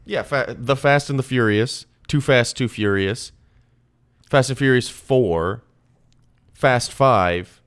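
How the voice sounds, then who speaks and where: A young man co-hosting a movie podcast, chatting casually and animatedly, with quick asides and self-corrections. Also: mid-range voice, fairly bright tone, smooth. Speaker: podcast co-host.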